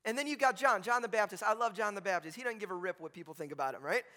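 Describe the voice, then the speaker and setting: A man's voice: high voice, racing, sharp tone. A male pastor preaching to his congregation in a conversational, joking style, often checking in with "right?". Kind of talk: sermon. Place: church sanctuary with a congregation. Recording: long reverb from a large hall.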